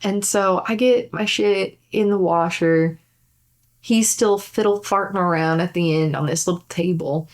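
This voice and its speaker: A woman comedian, guesting on a podcast, tells a rambling anecdote in a lowish, unhurried voice. She laughs often, swears freely, and acts out gestures as she talks in this casual storytelling.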